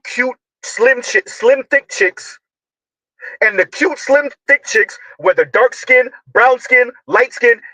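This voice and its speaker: A man delivering a loud, emphatic commentary monologue, often shouting, full of slang, repetition and rhetorical questions. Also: extremely high pitch, dry recording, low-quality recording. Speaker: online commentator.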